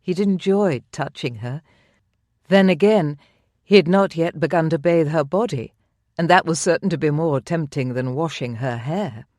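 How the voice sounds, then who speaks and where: Measured, intimate audiobook narrator. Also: mid-range voice, a little mellow, no room sound, studio quality. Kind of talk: scripted narration.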